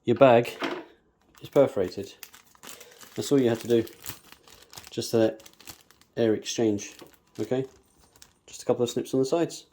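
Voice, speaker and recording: A man with a mellow, soft-edged voice talks viewers through a hands-on planting tutorial in a casual, chatty way. He hums little nonsense syllables as he works. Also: medium pitch. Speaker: bonsai planting demonstrator.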